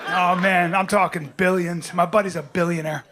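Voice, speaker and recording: A middle-aged man performing a stand-up comedy set, rambling through stories with animated acted-out bits. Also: sits high, moderate pace, a crowd in the background. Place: comedy stage. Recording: live stage recording with audience noise.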